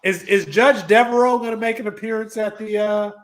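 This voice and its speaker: A man hosting a casual podcast with friends sounds a little tipsy. He teases the others in a loose, chatty way, and his voice sits slightly higher than average. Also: fairly even intonation, fairly quick, a little hiss or hum. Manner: teasing, chatty. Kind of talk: casual group chat.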